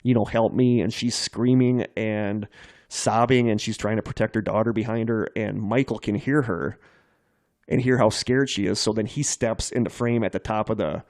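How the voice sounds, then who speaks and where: On a clean studio recording with no room sound, a podcast co-host chats casually and retells scenes in eager detail. His lowish, darkish voice keeps a steady tone at a moderate pace.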